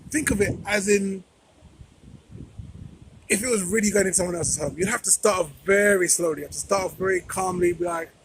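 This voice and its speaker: High-voiced man in emphatic commentary. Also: a little fast, a little hiss or hum, rough recording. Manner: emphatic, repeats phrases for stress. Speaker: vlogger. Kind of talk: commentary vlog.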